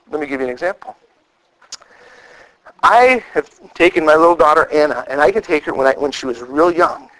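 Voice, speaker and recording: A man's voice: on the high side, rough recording. A middle-aged male pastor preaching a sermon, telling stories and acting out the lines he quotes. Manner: animated storytelling, acts out quoted lines.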